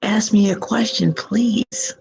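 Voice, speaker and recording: A woman giving live psychic tarot readings from home, gushing and affectionate with drawn-out words, speaking into a computer mic. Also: medium pitch, creaky, a little mellow, rough recording. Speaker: psychic reader.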